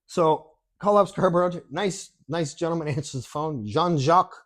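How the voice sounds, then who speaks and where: A man co-hosting a podcast, telling a story in a casual, animated way, laughing often and swearing freely. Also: fairly high pitch, fairly quick. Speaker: podcast co-host.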